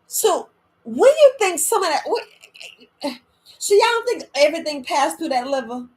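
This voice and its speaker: An older woman hosts a casual wellness podcast chat in a high, unhurried voice. She is animated and dramatic, laughs often, and speaks loosely.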